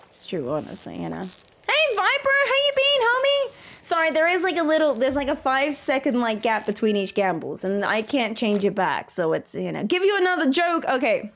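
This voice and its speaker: A woman's voice: a little high, very animated, brisk, few pauses, a little hiss or hum. A woman streamer chatting casually with her viewers, playful and jokey, giggling at her own jokes. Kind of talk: casual live-stream chat.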